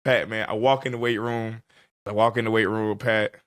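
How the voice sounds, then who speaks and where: Man in his 20s, podcast co-host, animated storytelling, laughing, dry close sound. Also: fairly low pitch, normal speed, no echo. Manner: animated, laughs often, acts out quotes. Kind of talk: casual storytelling chat.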